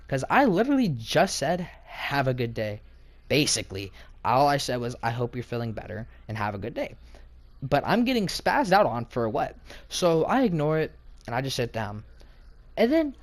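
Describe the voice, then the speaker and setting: A man's voice: fairly high pitch, sing-song, brisk. A man telling a casual storytime about a clash with his teacher, slangy, rambling and indignant.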